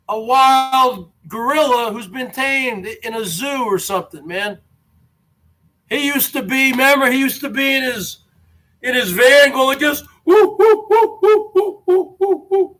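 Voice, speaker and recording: A man's voice: very high-pitched, bright, forceful tone. A man in his forties, vlogging from home in a rambling, mocking rant, tacking "man" onto his lines. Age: 40s. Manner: repetitive, drawls "man" at line ends. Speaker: vlogger host.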